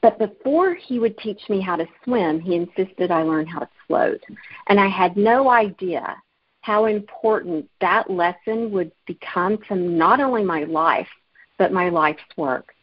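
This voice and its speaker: A woman's voice: fairly low pitch, a little slow, no echo. A woman author from Alabama, telling her story in an earnest, storytelling way during an interview and laughing easily. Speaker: author and guest. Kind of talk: interview conversation. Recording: muffled lo-fi remote audio.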